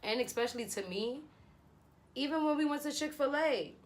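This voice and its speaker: A woman's voice: sits high, moderate pace. A young woman vlogger chatting animatedly through a storytime, acting out quotes. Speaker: beauty vlogger. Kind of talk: storytime vlog.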